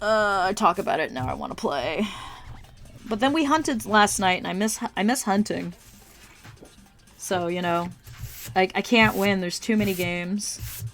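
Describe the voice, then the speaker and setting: A woman's voice: mid-range voice, lively intonation, measured pace, pauses often, a bit bright, soft background music. A woman streamer chatting casually while she draws, ranting and swearing as she vents about a game. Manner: ranting, salty, swears freely. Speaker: art streamer.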